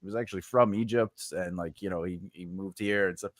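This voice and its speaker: A man's voice: low voice, fairly even intonation, a little fast, no room sound. A man hosting a live stream, chatting casually, rambling with many fillers and frequent laughter. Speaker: host.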